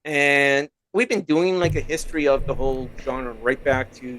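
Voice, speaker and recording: A Canadian man with a Canadian accent joins a podcast as a guest over a remote call mic, and the low-quality recording carries a little hiss or hum. His mid-range, fairly bright voice moves at a moderate pace as he chats casually, an easygoing storyteller rambling through his stories in this interview.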